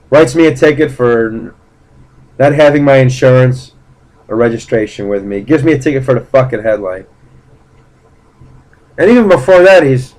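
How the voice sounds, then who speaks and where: A man's voice: mid-range voice, moderate pace, long pauses, a little mellow, rough recording. A man casually recounting a personal story in a blunt, profane way, rambling with fillers and restarts. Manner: blunt, profane, indignant retelling. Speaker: vlogger.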